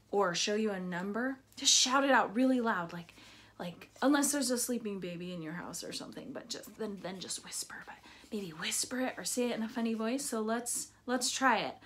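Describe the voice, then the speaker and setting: A woman teaching a math lesson to young children on video, playful and encouraging as she talks straight to them and counts out loud. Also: fairly high pitch, a little hiss or hum. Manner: slow, drawn-out counting aloud.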